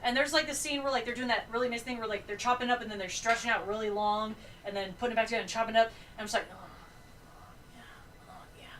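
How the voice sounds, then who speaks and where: A woman's voice: on the high side, rapid-fire, few pauses. A woman on a podcast telling a funny story in casual chat, often laughing. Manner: giggly, expressive storyteller. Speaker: podcast co-host. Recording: distant mic with faint noise.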